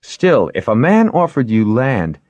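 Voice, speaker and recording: A man's voice: mid-range voice, big pitch swings, a little slow, a little mellow, dry recording, lo-fi sound, pitched above the performer's own voice. A man reading aloud and voicing a keen, earnest young lord who presses his questions.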